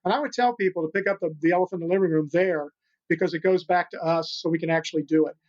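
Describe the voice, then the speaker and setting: Earnest older man with a high voice. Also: rapid-fire. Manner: earnest, rambling, many restarts. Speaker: guest, animal rescuer. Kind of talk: storytelling interview talk. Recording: dull lo-fi sound.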